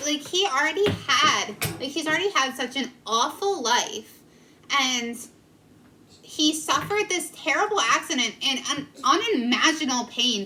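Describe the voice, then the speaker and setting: A woman's voice: sits high, sharp tone, slight background noise, poor audio. A young woman in her twenties, a vlogger telling a local legend in a casual, earnest and emotional way. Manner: earnest, emotional, filler-heavy. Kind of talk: casual storytelling.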